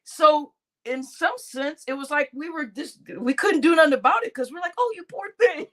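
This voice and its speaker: A woman vlogger giving casual commentary, telling stories in a slangy, animated way and often breaking into laughter. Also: high-pitched, moderate pace. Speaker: vlogger reacting to news.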